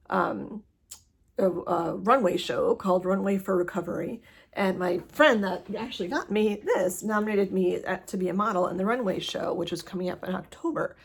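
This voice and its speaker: A woman talking casually to camera in a personal vlog, rambling with lots of fillers and a hurried pace. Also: mid-range voice, vocal fry, slightly rough. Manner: rambling, many fillers, laughs often. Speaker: vlogger sharing her cancer journey.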